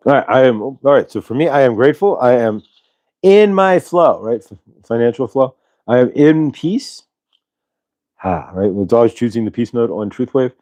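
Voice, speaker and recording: A man's voice: mid-range voice, quick pace, no echo. A man hosting a casual spiritual livestream, talking loosely and reading out viewers' chat messages. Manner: relaxed, rambling, reads chat aloud. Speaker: host.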